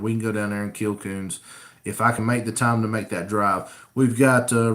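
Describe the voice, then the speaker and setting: A man hosting a casual live-stream Q&A, chatting easily and reading viewer comments aloud. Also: mid-range voice. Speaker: coon hunting channel host. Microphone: camera rig mic.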